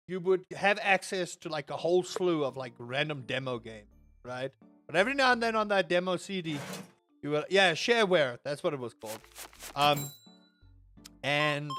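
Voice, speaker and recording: A young man streaming a game and chatting to his viewers in a rambling, animated way, ranting half in jest. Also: a little high. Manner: rambling and animated, with self-mocking rants to chat. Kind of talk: casual live-stream chat while playing.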